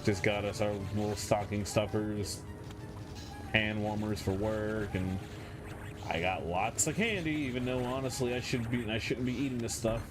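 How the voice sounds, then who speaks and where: A man's voice: fairly low pitch, moderate pace. A man streaming a game, chatting in a rambling, self-mocking way from his room at home. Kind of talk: casual chat while playing. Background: game music.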